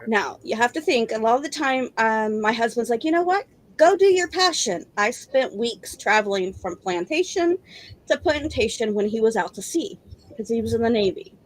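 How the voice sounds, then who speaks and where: A woman's voice: fairly high pitch, lively intonation, moderate pace, rough recording. A woman in her forties who founded a paranormal team, telling stories in casual podcast chat and laughing between remarks.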